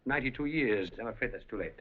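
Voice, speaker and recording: A man's voice: mid-range voice, animated, fast, lightly acted. A man playing a suave, scheming casino operator in a 1930s film, urbane, dryly amused and coolly threatening. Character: suave scheming male casino operator, older, smooth and commanding. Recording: dull old film soundtrack.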